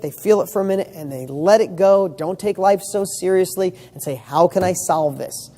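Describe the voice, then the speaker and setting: A man's voice: high voice, mellow. A man giving a motivational talk, firing rhetorical questions with emphatic, casual delivery and the odd swear word. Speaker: motivational speaker.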